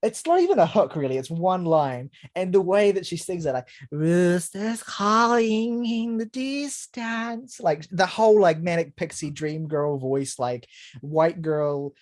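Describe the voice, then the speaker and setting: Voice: mid-range voice, animated, moderate pace, mellow. Blunt, rambling album-review co-host. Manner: emphatic, rambling, blunt with swearing. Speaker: podcast co-host. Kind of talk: casual album review chat.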